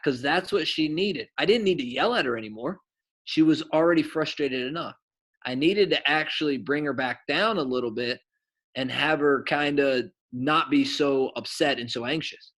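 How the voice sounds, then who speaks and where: A middle-aged man, a soccer coach and former goalkeeper, telling stories to kids in a rambling, animated way with lots of fillers. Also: a little high, normal speed. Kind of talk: casual storytelling to kids.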